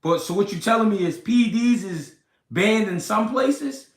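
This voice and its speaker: A man hosting a casual livestream, reading comments and talking slow and deliberate, repeating himself and swearing. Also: high-pitched, animated. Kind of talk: casual livestream talk about boxing. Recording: roomy echo.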